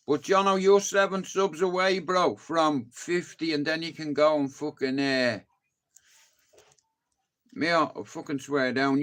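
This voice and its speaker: A man's voice: mid-range voice, fairly bright tone. A man with a Dublin Irish accent chatting casually to his livestream viewers, rambling and swearing freely. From Dublin, Ireland.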